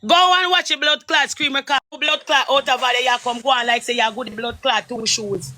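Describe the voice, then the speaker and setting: High, bright Jamaican woman ranting furiously. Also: fairly even intonation, moderate pace, dry recording. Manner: furious, cursing rant in patois. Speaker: caller on a live stream. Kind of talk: heated live stream argument.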